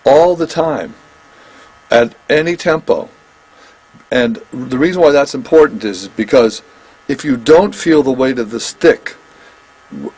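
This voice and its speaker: A man teaching a private drum lesson, explaining technique in halting phrases with restarts and frequent check-ins with his student. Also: medium pitch, breathy edge. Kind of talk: one-on-one instrument lesson.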